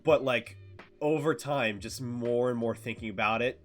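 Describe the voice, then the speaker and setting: A man streaming, recapping a game in loose casual chat, swearing freely and halting with fillers. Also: mid-range voice, faint music behind.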